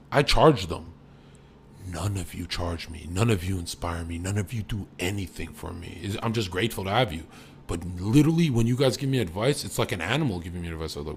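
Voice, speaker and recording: A young man streaming live, boastful and profane, jumping between loud bursts and low mutters. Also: animated, normal speed, a little hiss or hum. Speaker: livestreamer.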